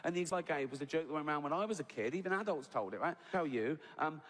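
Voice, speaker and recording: This stand-up comic speaks rapid-fire in a slightly high voice with lively intonation, keeping things conversational and ending line after line with "right?" Theatre reverb and crowd noise surround him.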